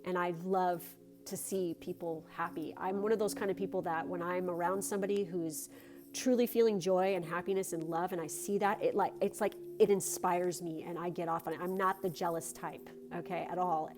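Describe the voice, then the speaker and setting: A woman's voice: fairly low pitch, fairly even intonation, a little fast, noisy background. A woman giving a casual pick-a-card tarot reading. She gushes encouragement, swears casually, and moves between reading card text aloud and chatty asides. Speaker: tarot reader.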